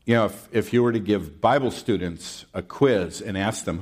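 A man's voice: lowish voice, moderate pace, few pauses, a little mellow. A man preaching a sermon in a conversational way, with rhetorical questions and folksy asides.

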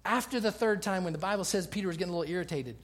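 High-voiced man preaching a sermon. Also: rapid-fire. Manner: emphatic, swings from quiet to loud passionate preaching. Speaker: pastor.

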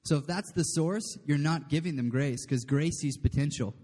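Casual male preacher, mellow tone, long hall reverb. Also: a little high, normal speed. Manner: chatty, asks the room "okay?", laughs often. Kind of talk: casual sermon to a congregation.

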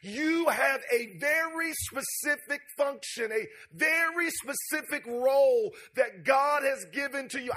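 High-pitched male preacher, slow, building emphasis in a revival sermon. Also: a bit bright. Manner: rhetorical, building emphasis, drawn-out key words.

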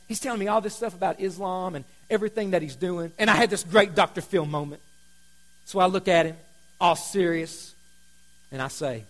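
A man preaching a sermon, telling stories in a conversational way, going from loud emphasis to hushed asides. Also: high-pitched. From Kentucky. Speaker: pastor.

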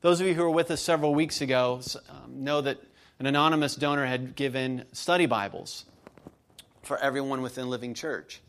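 Man preaching a lively sermon. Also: medium pitch, a little fast. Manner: conversational preaching, builds to emphatic peaks. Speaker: pastor.

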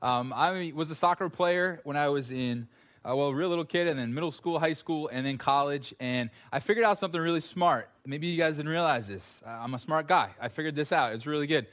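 A man's voice: a little high, a little fast, fairly bright tone. A man preaching a sermon to a congregation, telling stories with self-deprecating jokes. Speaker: pastor.

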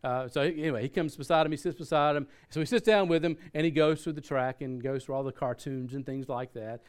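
A man's voice: a little high, fast, clear, resonant tone. A man preaching a sermon in a conversational way, often restarting his sentences and using fillers. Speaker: pastor.

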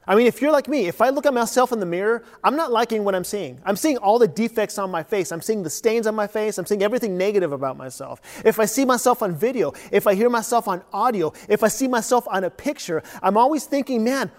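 Conversational pastor preaching in an echoing church. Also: male voice, high voice, lively intonation, brisk. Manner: conversational, self-deprecating, repeats words while thinking. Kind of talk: sermon. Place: empty church. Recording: long reverb of a large empty church.

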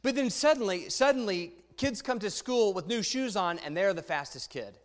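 A male pastor with a high-set voice gives a youth sermon, chatty and lively and asking his listeners questions. His voice rings out with a long hall reverb behind it. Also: moderate pace. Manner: lively, conversational, asks the audience questions. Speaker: pastor speaking to a youth congregation. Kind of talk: sermon with a read-aloud story.

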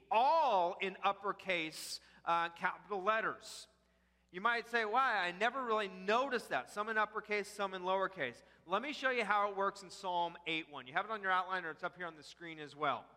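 High bright-voiced male preacher, echoing hall. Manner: animated preaching with audience call-and-response. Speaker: pastor. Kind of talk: sermon. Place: church auditorium. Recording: long reverb of a large hall.

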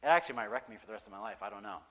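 A man preaching a sermon in a conversational, animated way, acting out quotes and asides. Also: lowish voice, rapid-fire. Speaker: pastor. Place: church sanctuary. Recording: long reverb of a large hall.

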